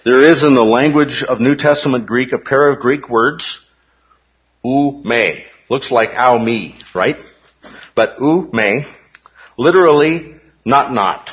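A man's voice: medium pitch, husky, muffled recording. A man teaching a Bible study class in a conversational way, often checking in with his listeners.

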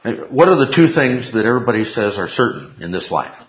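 A man's voice: mid-range voice, sing-song, a little fast. A man teaching a Bible class, emphatic, repeating key phrases and putting questions to the class. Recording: echoey room, dull lo-fi sound.

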